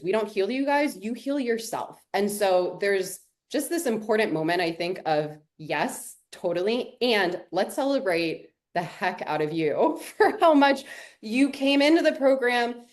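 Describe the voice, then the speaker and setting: A middle-aged woman coach hosting an interview, speaking in an encouraging, affirming way to a program participant. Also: medium pitch. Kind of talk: warm supportive interview talk.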